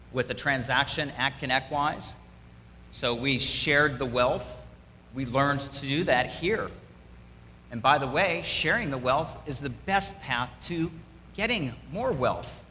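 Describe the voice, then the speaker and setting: A middle-aged donor gives students an upbeat, emphatic motivational speech in a school hall with an audience present, repeating his key words. His mid-range voice sounds pushed and bright, and the echoey hall carries faint room noise.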